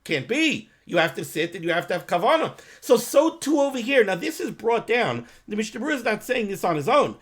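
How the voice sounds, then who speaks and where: A man giving a daily Torah class, explaining texts in a conversational, animated way and reading Hebrew phrases aloud. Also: sits high. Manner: animated, quotes texts in Hebrew and Yiddish-flavored pronunciation. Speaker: Torah teacher.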